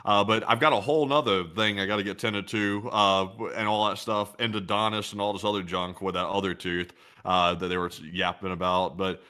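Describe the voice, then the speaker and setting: A man's voice: lowish voice, steady tone, brisk, hardly any pauses, pushed and bright, clear, resonant tone. A man with a Southern American accent, co-hosting a show and telling rambling stories in casual chat. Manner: rambling, storytelling with acted-out quotes. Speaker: co-host.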